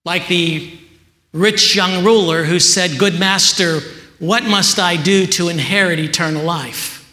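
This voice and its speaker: Slow-preaching man in an echoey hall. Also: high voice, pushed and bright. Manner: slow, emphatic preaching with rising rhetorical questions. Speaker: pastor. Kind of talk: sermon. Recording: echoey hall with long reverb.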